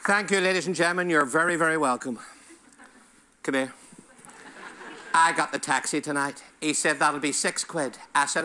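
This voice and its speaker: A comedian on stage, rattling off quick one-liners in a slightly high voice. He slips into little put-on voices for the people in his jokes. The live recording is noisy. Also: pushed and bright. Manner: punchy one-liners, puts on voices for characters. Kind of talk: stand-up comedy.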